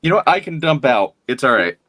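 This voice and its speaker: A man with a bright, forward voice of medium pitch, guesting on a casual livestream. He talks in a wry, self-deprecating way. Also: big pitch swings, quick pace. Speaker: stream guest. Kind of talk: casual chat.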